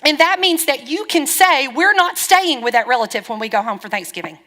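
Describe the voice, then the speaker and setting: A middle-aged woman pastor preaching a sermon, frank and lively, acting out bits of dialogue as she goes. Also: high-pitched, a little fast. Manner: lively, frank, wry storytelling with quoted dialogue. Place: church hall. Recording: long church-hall reverb.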